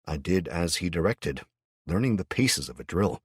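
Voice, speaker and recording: A man narrating a fantasy audiobook in the first person, in a steady storytelling manner. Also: sits low, moderate pace, husky, no echo, clean studio sound.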